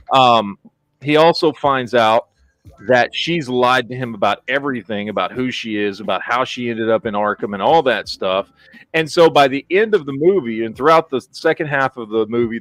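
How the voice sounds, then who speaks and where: A man in a casual podcast chat, blunt and profane as he rants. His voice is dry and close, with almost no room sound, and sits at an ordinary pitch. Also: a bit bright, dry recording. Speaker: podcast host.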